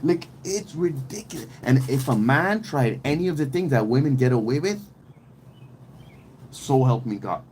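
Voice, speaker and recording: A man's voice: mid-range voice, lively intonation, normal speed, a little mellow, a little hiss or hum, rough recording. A man talking on a podcast in a casual, opinionated way, rambling and emphatic, with plenty of slang, swearing and restarts. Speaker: podcast host.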